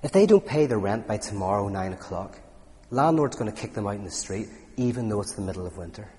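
A man's voice: on the low side, lively intonation, brisk, darkish tone, lightly acted. A man voicing an upset, pleading male parishioner in a told joke. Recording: reverberant hall.

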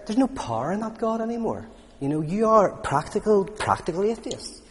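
A man's voice: high voice, sing-song, moderate pace, voice pushed up. A man voicing a mocking male philosopher who taunts his listeners with rhetorical questions. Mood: taunting. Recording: reverberant hall.

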